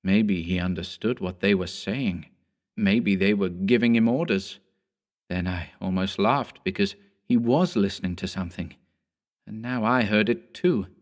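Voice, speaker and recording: A man narrating a horror story in a measured storytelling manner. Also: lowish voice. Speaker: audiobook narrator.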